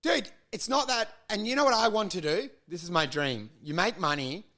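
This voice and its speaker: A man co-hosting a comedy podcast, talking in loud, mocking banter full of swearing and put-on voices. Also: sits high, animated, moderate pace. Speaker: podcast co-host.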